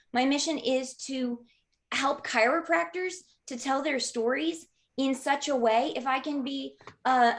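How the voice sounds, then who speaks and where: A woman in her thirties, a podcast guest, telling stories in a lively way with frequent "um" fillers. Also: sits high. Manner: lively, frequent "um" fillers, acts out quoted voices. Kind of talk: conversational storytelling.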